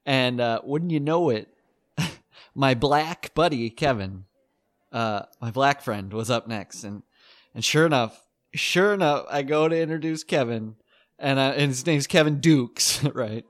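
A man's voice: mid-range voice, a little slow, dry recording, clean studio sound. A man doing an awkward stand-up set on a club stage, rambling and hesitant with many fillers and nervous laughs. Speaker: stand-up comic.

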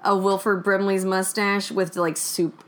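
A woman's voice: medium pitch, flat delivery, measured pace. A woman co-hosting a podcast, chatting casually about a film in a rambling, joking way with lots of fillers. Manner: rambling, peppered with fillers and jokes. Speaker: podcast co-host. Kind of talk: casual chat reviewing a film.

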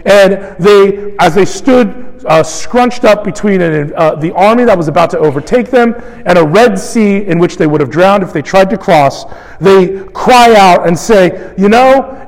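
A man preaches with a light, high voice and a chatty, animated delivery. He often slips into acting out the complaints of the people he quotes. His voice carries a long reverb from the church hall. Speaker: pastor. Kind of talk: sermon.

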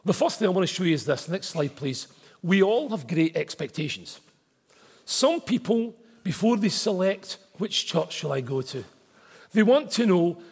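Man, pastor preaching; lively, husky voice; big church-hall reverb. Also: a little high, normal speed. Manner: emphatic, rising to forceful repeated declarations. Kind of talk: sermon. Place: church auditorium.

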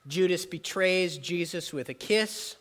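Pastor guy preaching, kinda high voice, big echoey hall, chatty then soft n earnest. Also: unhurried. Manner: animated preaching that drops to soft earnest prayer. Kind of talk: sermon.

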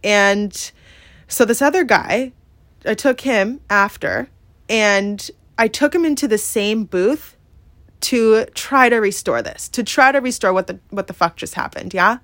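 A woman's voice: medium pitch, unhurried, fairly bright tone, no echo. A woman hosting a podcast, telling a personal story in a candid, emphatic way full of swearing and "like". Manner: emphatic and profane, heavy use of "like" and "yeah?". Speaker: podcast host.

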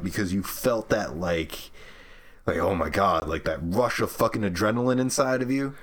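A man's voice: low voice, normal speed. A young man from Brooklyn, telling a story in casual chat, swearing freely and filling with "like". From Brooklyn, New York. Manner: swears freely, rambling with lots of "like".

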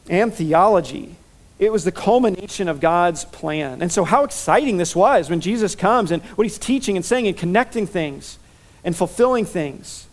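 A man preaching a sermon as pastor, enthusiastic and animated, telling stories with quick repetitions. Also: high voice.

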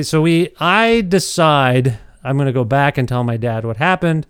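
A middle-aged man tells a self-deprecating story in a casual, animated way, often stumbling and restarting. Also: on the high side, normal speed, clean tone, no echo, studio quality. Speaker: podcast storyteller.

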